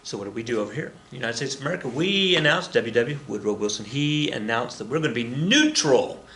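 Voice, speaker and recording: Chatty male teacher, bright roomy sound. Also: mid-range voice, expressive, fast, slight background noise. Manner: rambling, self-correcting, joking asides. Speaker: history teacher. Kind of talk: recorded classroom lecture. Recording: roomy echo with faint ambience.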